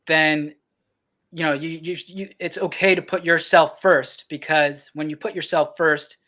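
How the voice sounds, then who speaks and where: A young man, a podcast co-host, talking about fatherhood in a reflective way, often pausing with ums. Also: fairly high pitch, fairly even intonation, sharp tone. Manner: reflective, many ums and restarts. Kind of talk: casual podcast talk.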